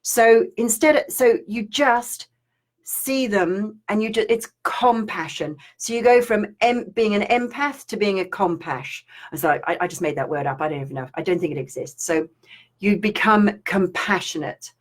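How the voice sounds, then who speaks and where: A woman's voice: medium pitch, moderate pace. A woman spiritual teacher giving a chatty, rambling live-streamed talk and reading viewer comments aloud.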